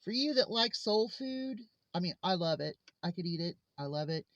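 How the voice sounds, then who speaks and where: A woman's voice: on the low side, expressive, normal speed, no echo. A woman vlogger telling personal stories in a heartfelt, earnest way. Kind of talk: casual personal monologue. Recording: slightly muffled lo-fi recording.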